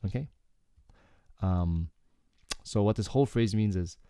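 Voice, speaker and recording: A man teaching Korean through song lyrics in a relaxed, explanatory way, often checking in with "okay" and filling with "like". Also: on the low side, measured pace, clean tone, no echo, clean studio sound. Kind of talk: casual lyrics breakdown lesson.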